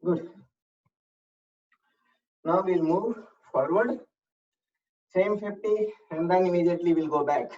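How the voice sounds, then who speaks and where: A fitness instructor guiding a workout at an unhurried pace, counting reps aloud and coaching calmly. The voice sits a little back from the microphone, and the recording sounds somewhat dull and muffled. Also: medium pitch. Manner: calm, measured coaching with breathing reminders. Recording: distant, slightly dull room recording.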